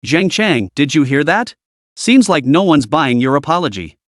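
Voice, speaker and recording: A man's voice: on the high side, sing-song, moderate pace, fairly bright tone, no echo, clean studio sound. A man voicing a cold, vengeful young man who speaks with scorn.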